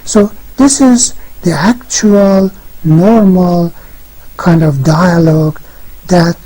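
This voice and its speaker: An English teacher explaining a textbook lesson slowly and deliberately, reading out example dialogues. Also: mid-range voice, dark tone, low-quality recording.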